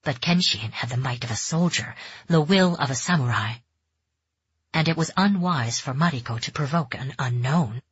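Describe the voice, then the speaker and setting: Husky low-voiced woman narrating a story. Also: expressive, no room sound. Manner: tense, measured storytelling. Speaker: audiobook narrator. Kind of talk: scripted narration. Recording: dull, dry close recording.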